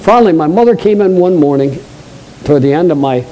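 A man with a New England accent preaching a sermon, stressing points loudly, dropping into low asides and putting questions straight to the congregation. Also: lively intonation, fast talker, low-quality recording. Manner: emphatic preaching, swinging between loud high stresses and low quiet asides; draws the congregation in with direct questions.

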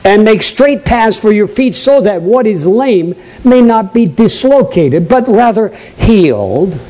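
In an animated, slightly slow sermon, a New England-accented preacher hammers points loudly, then drops into hushed asides and questions his congregation directly. The recording quality is low.

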